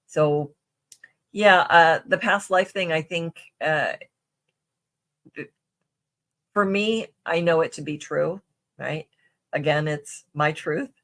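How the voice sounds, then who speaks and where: A woman's voice: sits low, takes it slowly, long pauses, fairly bright tone. A woman guest on a podcast, telling personal stories in a casual, rambling way with many fillers and restarts. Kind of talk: casual conversational storytelling.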